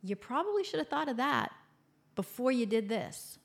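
A woman's voice: fairly high pitch, sing-song, moderate pace, pitched above the performer's own voice. A woman voicing her exasperated, tired single mother, scolding in a dry, weary way.

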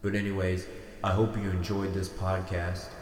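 A man's voice: low-pitched, completely flat delivery, normal speed, heavy background noise. Goofy crude man in an echoey room. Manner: goofy, crude, self-mocking. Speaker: podcast host. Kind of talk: comedic freestyle rap and casual monologue.

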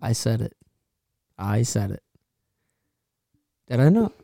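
A man's voice: medium pitch, big pitch swings, takes it slowly, gravelly, warm tone, no echo. A young man hosting a casual sports podcast, bantering with heavy sarcasm. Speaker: podcast host.

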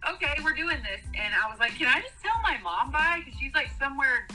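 A woman with a vivid, very bright voice sitting a touch high, telling a story in casual podcast chat. She throws herself into the voices of other people, jumping up in pitch and laughing along the way. Faint music sits underneath. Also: fairly quick, low-quality recording. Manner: animated, acts out quoted voices with big pitch jumps, laughs often. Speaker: podcast co-host telling her birth story.

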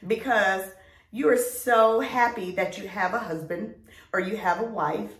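A woman's voice: medium pitch, measured pace. A middle-aged woman, co-hosting a podcast in a casual chat, emphatic and preachy, drawing out her words. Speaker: podcast co-host. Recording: echoey room, distant mic.

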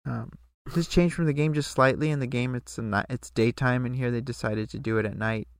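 Gravelly man recapping a TV episode. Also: mid-range voice, fairly quick, dry recording. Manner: relaxed, recaps scenes and acts out lines. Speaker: podcast co-host. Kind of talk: casual recap chat.

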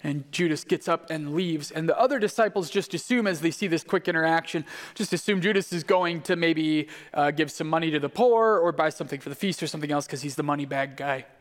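Guy preaching, storytelling mode, pretty high voice, big echoey hall. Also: a little fast, few pauses. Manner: storytelling, acting out quoted voices. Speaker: pastor. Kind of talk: sermon. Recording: long hall reverb.

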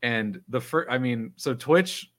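A man's voice: medium pitch, takes it slowly, fairly bright tone. A man telling a story in casual chat, laughing often and swearing casually. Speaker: podcast guest.

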